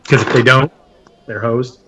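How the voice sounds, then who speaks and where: A man playing a tabletop game, eagerly pitching a stunt in loose, trailing phrases. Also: steady tone, measured pace, background noise. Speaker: player. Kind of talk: casual chat at a tabletop game.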